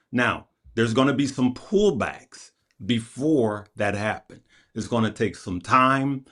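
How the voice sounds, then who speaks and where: A man, a guest stock commentator, chatting casually about his picks and telling a funny story in an animated way. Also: on the low side. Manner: animated storyteller, laughing retelling. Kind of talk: casual group chat on stocks.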